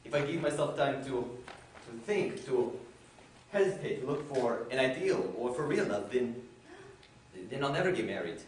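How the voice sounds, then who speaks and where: A man acting a nervous, excitable suitor of thirty-five on stage, flustered, stammering and overly formal. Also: mid-range voice, normal speed, natural voice. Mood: anxious. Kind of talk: amateur stage play. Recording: echoey hall from far off, faint noise.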